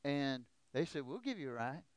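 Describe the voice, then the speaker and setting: A man preaching a testimony sermon in a smooth, resonant voice. He tells his story and it builds to a shouted exhortation. The sound is dry and close. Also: mid-range voice, big pitch swings, moderate pace, dry recording, highs cut off.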